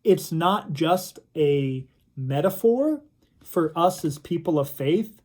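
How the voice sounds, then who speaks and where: A young adult man giving a recorded reflection sermon for a church youth group, telling stories slowly and earnestly. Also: a little high, expressive, darkish tone. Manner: slow, earnest storytelling.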